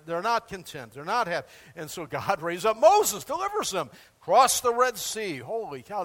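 A man's voice: high-pitched, long reverb tail. A man preaching a sermon in a loose, conversational way, often acting out the voices of the people in his examples. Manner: animated, conversational, acts out quoted voices. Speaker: pastor.

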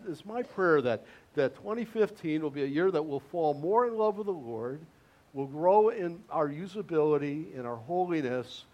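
A male pastor giving an interactive sermon, calling on members of the congregation and repeating key words for emphasis. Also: high voice.

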